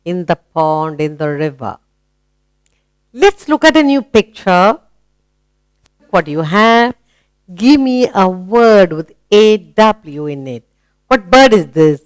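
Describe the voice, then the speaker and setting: A woman leads a children's phonics lesson, asking simple questions and praising each answer. Her voice is smooth and clear, and she takes her time. The recording is close and dry. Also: lowish voice, big pitch swings, no room sound. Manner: slow, patient questioning with praise. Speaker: teacher.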